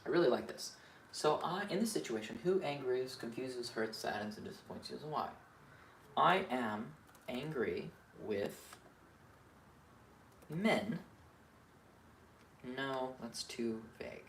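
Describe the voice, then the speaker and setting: A man on a solo vlog, thinking aloud in a candid, self-questioning way, shifting between quiet muttering and emphatic, profane outbursts. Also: mid-range voice, expressive, slow pace, long pauses. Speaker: vlogger. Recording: roomy echo with faint ambient noise.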